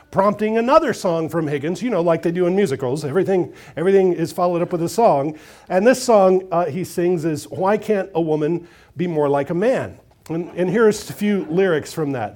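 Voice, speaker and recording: A man's voice: sits high, darkish tone. A man pastor reading scripture aloud, praying, then preaching in a conversational way.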